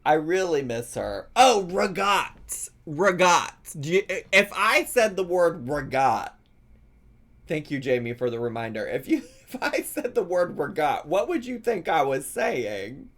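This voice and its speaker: A man riffs through casual live-stream commentary with a teasing, playful edge. His pitch leaps and dips a lot as he drags out words for comic effect and breaks into laughter. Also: big pitch swings, fairly bright tone. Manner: playful, laughs often, drawn-out mock pronunciations. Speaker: reaction streamer.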